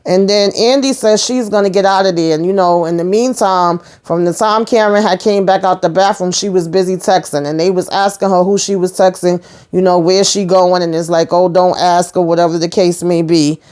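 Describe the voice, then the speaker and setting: A woman's voice: on the low side, fairly even intonation, normal speed, hardly any pauses, a little mellow, smooth. Chatty woman recapping a TV episode. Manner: chatty, retells scenes with quoted dialogue. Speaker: TV recap host.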